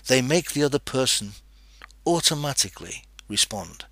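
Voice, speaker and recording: A man's voice: mid-range voice, animated, normal speed, bright, forceful tone, no echo. A man hosting a teaching podcast, explaining tips step by step and putting questions to the listener. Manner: instructive, poses questions to the listener. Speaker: podcast host.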